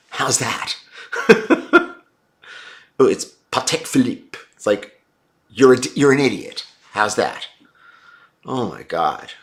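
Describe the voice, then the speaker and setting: Blunt low-voiced man chatting on a livestream. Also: a bit bright. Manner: blunt, opinionated, calls viewers brother. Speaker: livestream host. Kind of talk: casual livestream chat reading comments.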